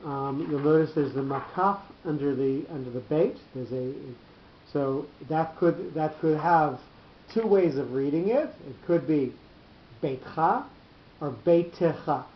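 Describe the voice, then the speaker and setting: A man teaching a Torah class to a small group, explaining points step by step with halting restarts. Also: on the high side, a little hiss or hum. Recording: roomy dull lo-fi class recording.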